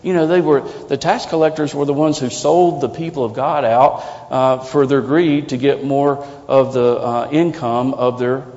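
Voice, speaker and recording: A man's voice: mid-range voice, steady tone, normal speed, hardly any pauses, a little mellow. A man preaching a sermon as a pastor, conversational and earnest, asking the congregation rhetorical questions. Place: church sanctuary. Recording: lo-fi recording in a reverberant sanctuary.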